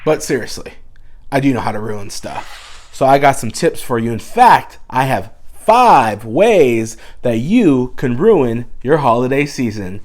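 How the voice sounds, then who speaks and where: A man, a dad vlogger, giving mock-serious sarcastic advice and swinging between hushed asides and loud bursts. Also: mid-range voice, sing-song, measured pace.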